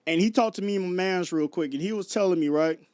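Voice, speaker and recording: A quick-paced, high-pitched man with a clear, resonant and slightly mellow tone rants to camera late at night. He's a Chicago vlogger in his 30s, stumbling over restarts and hitting his viewers with rhetorical questions.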